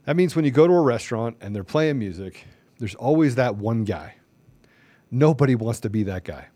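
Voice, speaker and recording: A man's voice: a little high, no echo. A middle-aged man hosting a podcast, delivering a preachy, impassioned monologue full of repeated rhetorical questions. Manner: preachy, repetitive rhetorical questions, rising to near shouting. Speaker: podcast host.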